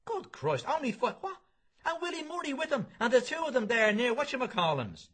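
A man voicing an excitable, gossipy man with a high, breathless, laughing delivery. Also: moderate pace, husky, heavily acted. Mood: excited. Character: excitable gossipy Dublin man, Alf Bergen.

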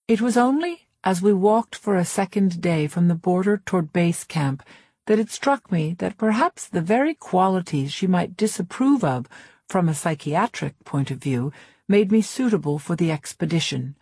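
A woman narrating a novel in the first person, in a measured, reserved way. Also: lowish voice, lively intonation, darkish tone, husky, no echo, studio quality. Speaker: audiobook narrator. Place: recording studio. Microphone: close studio mic.

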